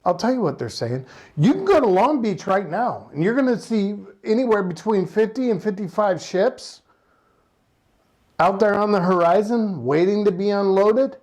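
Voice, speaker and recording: This economic commentator from the United States vents about the economy in a casual opinion vlog, sarcastic and fired up, leaning on rhetorical questions. The voice sits mid-range, moving at a normal clip, animated and a touch mellow.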